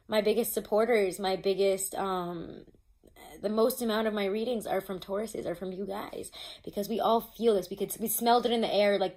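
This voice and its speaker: Woman, tarot reader, casual chatty monologue, swears, laughs at own slips. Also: medium pitch. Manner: reads from notes, restarts often.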